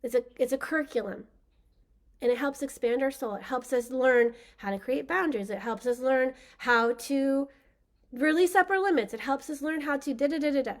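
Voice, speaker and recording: A woman with a high, light voice leads a spiritual session. She talks casually and with enthusiasm, rambling and circling back with plenty of fillers as she teaches. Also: normal speed. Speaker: spiritual workshop host.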